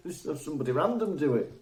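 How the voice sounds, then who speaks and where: Podcast co-host, man, higher voice, lively and giggly, roomy echo. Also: fast, a little hiss or hum. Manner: giggly, jokey, animated. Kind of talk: casual chat.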